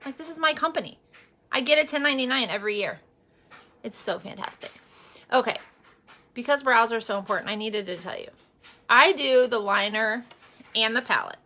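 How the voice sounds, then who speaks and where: A chatty woman in her forties vlogs her makeup routine, wandering off into personal stories. Her voice sits a little high and rings bright and forward. She talks casually, full of fillers, and turns earnest when she speaks about faith. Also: moderate pace, long pauses. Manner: chatty and rambling, with many fillers. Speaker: makeup vlogger and direct seller.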